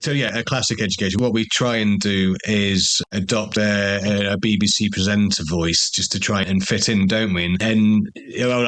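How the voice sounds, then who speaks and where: A man's voice: lowish voice, a bit bright, dry recording. A man from northern England hosting a podcast, talking casually and thinking aloud with lots of fillers. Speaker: podcast host.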